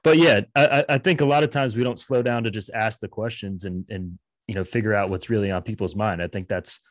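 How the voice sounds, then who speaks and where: A man's voice: lowish voice, steady tone, brisk, dry recording. A man co-hosting a podcast, asking loose, rambling questions in a casual chat. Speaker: podcast co-host.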